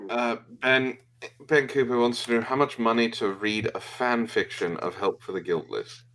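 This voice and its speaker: A man co-hosting a casual stream, excitable and quick to jump in and interrupt. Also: mid-range voice. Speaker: co-host.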